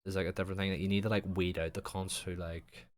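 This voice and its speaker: A man's voice: deep voice, level tone, fast talker. A young man hosting a podcast, rambling in casual chat with heavy swearing and lots of fillers. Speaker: podcast host.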